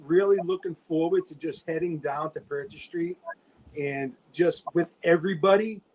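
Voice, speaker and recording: Male, high voice, laid-back, slangy, casual podcast chat. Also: lively intonation, normal speed, a little mellow, poor audio. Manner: laid-back, says dude a lot.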